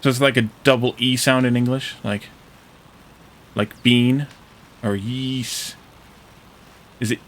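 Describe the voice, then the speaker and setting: A man's voice: mid-range voice, steady tone, slow, pauses often, a little hiss or hum. A man streaming a factory-building game, chatting casually with viewers, joking and fumbling over how to say foreign words. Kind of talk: casual gameplay commentary with chat.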